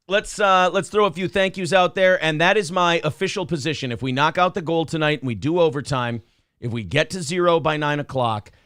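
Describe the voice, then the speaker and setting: A man's voice: fairly high pitch, a bit bright, no echo, studio quality. A man, hosting a show in casual chat, joking loosely and reading donor messages. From Minnesota. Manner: joking, loose, many fillers. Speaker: show host.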